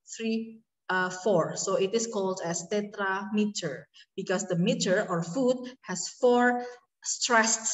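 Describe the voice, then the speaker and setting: A woman with an Indonesian accent giving a university lecture, mixing English with Indonesian and pausing often on fillers. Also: mid-range voice. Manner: switches between English and Indonesian, many fillers. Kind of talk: online lecture. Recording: distant mic with long reverb.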